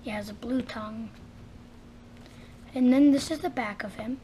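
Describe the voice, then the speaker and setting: A woman hosting a casual toy unboxing, chatty and excited as she narrates each step aloud. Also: a little high, normal speed, slight background noise. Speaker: unboxing channel host.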